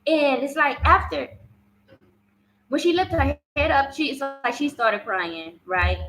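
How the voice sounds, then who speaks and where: A woman's voice: high voice, measured pace, a bit bright, low-quality recording. A woman telling a personal story in a casual vlog, swearing freely and often repeating herself. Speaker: vlogger.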